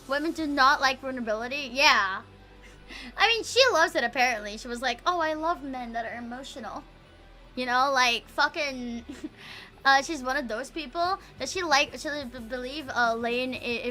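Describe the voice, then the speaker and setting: A woman's voice: high-pitched, bright, forceful tone. A woman streamer in casual livestream chat, rambling, swearing a lot and breaking into giggles.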